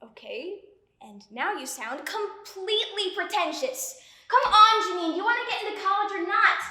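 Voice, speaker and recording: Girl acting out a nervous college applicant, super high voice, scolds herself nonstop, echoey room. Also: animated, normal speed, pushed and bright, full character voice. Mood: scolding. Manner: frantic self-scolding, chattering to herself. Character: anxious young woman rehearsing for a college interview. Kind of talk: stage monologue. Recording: roomy echo.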